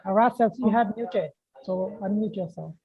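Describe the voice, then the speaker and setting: A woman's voice: mid-range voice, slightly rough. Woman stream host, hesitant, dull lo-fi call line. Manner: halting, many uh fillers, reads viewer comments. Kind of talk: hosting a live stream. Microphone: video call. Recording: dull video-call audio.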